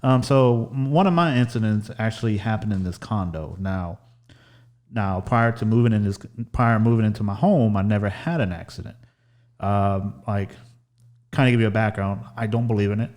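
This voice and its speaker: A man's voice: lowish voice, moderate pace, darkish tone. A man hosting a podcast, chatting casually and telling a story with many restarts. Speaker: podcast host. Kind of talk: casual chat.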